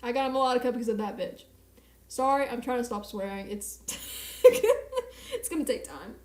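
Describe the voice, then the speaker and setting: A young woman chats through a late-night live stream in a somewhat high voice. She rambles and mocks herself. Her voice rings a little in an echoey room at home. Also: fast. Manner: chatty, rambling, self-mocking. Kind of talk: casual live-stream chat. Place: small home apartment at night.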